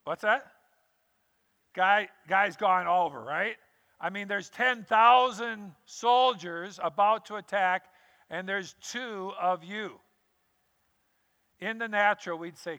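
Bright, high-voiced pastor preaching. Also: male voice, takes it slowly, long pauses, big-room sound. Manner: animated storytelling, acts out scripture quotes. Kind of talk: sermon.

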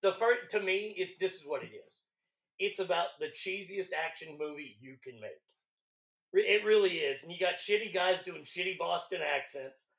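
A man from Texas with a Texas accent, a longtime radio host chatting loudly on a podcast, swearing and stumbling over restarts. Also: high-pitched, normal speed, vocal fry, echoey room. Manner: loud, profane, stammering restarts. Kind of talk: casual podcast chat.

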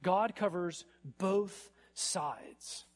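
A man preaching a sermon in an animated way, building to emphatic peaks and often checking in with "right?". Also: high-pitched, very slow.

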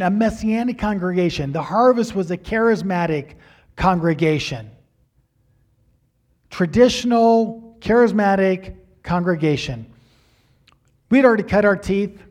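Preaching a sermon, a middle-aged pastor relates something from his own life, performing the quoted lines with dramatic jumps between soft and loud. His voice sits a little high, and his delivery is animated.

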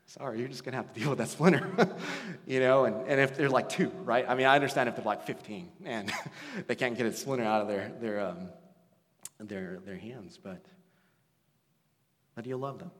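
A man preaching a sermon in a conversational way, with laughing asides, swinging from loud storytelling to hushed, intimate lines. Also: on the low side. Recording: long hall reverb.

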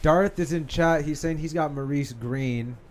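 A man hosting a casual chat and breaking in with quick play-by-play remarks on a fight. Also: a little high. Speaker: host. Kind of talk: casual chat while watching a live fight stream.

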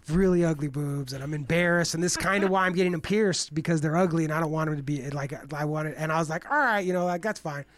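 A man's voice: high-pitched, dry recording. A man in his forties telling a rambling story on a casual podcast, full of fillers and swearing. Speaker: co-host.

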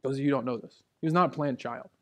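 A man in his thirties preaching a sermon in a church, telling personal stories in a conversational way, dropping to hushed asides and rising for emphasis. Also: mid-range voice, fairly even intonation, rapid-fire. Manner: conversational, storytelling, swings between hushed asides and raised emphasis. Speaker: pastor. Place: church sanctuary. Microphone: handheld or stage mic.

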